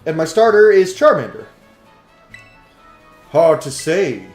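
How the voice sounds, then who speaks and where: A man giving jokey, excitable commentary while playing a video game, now and then swearing. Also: a little high, normal speed. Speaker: let's play host. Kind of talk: casual gameplay commentary. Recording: roomy echo, faint game music. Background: faint game music.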